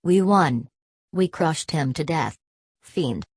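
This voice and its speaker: A woman's voice: low-pitched, lively intonation, takes it slowly, husky, no echo, clean studio sound, exaggerated voice. A woman reading a fanatically pious older woman who scolds and rages in a storybook. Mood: raging.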